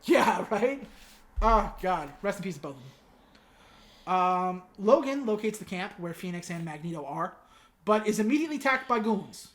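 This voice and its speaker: Woman podcast host, casual movie recap, wry and sarcastic, filler-heavy chat, mid-pitched voice. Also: sing-song. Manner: wry and sarcastic, with filler words and quick asides.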